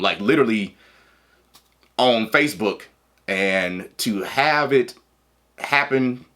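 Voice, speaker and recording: A man telling a personal story in a casual, animated way, laughing and acting out what people said. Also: lowish voice.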